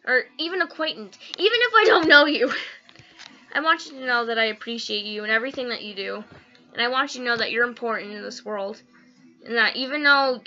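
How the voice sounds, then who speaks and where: High, bright-voiced teenage girl vlogging. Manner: rambling and giggly, turning earnest and heartfelt. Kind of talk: casual vlog chat. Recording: dull lo-fi recording.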